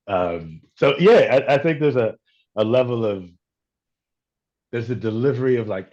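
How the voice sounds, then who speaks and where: A man's voice: lowish voice, lively intonation, moderate pace, pauses often, darkish tone, dull audio. A man from Chicago, an actor as interview guest, talking playfully with frequent laughs and restarts. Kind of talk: interview conversation.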